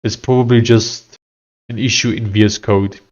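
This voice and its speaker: South African developer, lowish voice, hesitant think-aloud, muffled lo-fi sound. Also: male voice, fairly even intonation, moderate pace, darkish tone. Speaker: software developer streamer. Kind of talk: casual live-coding commentary.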